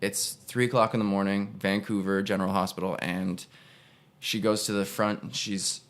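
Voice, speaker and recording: A man's voice: fairly low pitch, level tone, normal speed. A young man, an actor, casually telling a personal story on a podcast and rambling with frequent self-corrections. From Canada. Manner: rambling, self-correcting, acts out voices in quotes.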